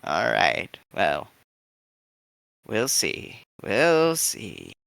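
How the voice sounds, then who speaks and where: A man voicing a frail, shrewd old woman who stutters and speaks slowly in a tabletop game. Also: fairly low pitch, huge pitch swings, creaky, a bit bright, no echo, pitched below the performer's own voice, heavily acted. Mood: sly. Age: older. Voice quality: stuttering, slow voice. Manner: sly, calculating. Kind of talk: tabletop role-play voicing.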